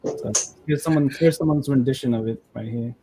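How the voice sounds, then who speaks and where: A man's voice: mid-range voice, mellow, a little hiss or hum. A man hosting a model-building stream, talking in a casual, rambling way with frequent restarts. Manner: rambling, halting, many restarts. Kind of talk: casual chat.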